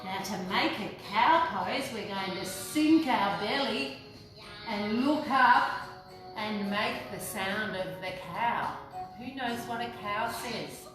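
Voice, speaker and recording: A woman's voice: mid-range voice, slow. A woman from Australia leading a children's yoga class, playful and encouraging, joining in with animal noises. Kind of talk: guided kids' yoga class. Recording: echoey room, distant mic, music behind.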